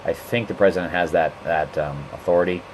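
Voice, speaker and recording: A man's voice: deep voice, brisk, a little hiss or hum. A man hosting a casual livestream, talking in a profane, opinionated and rambling way into a handheld phone. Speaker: livestream host. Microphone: phone held in hand.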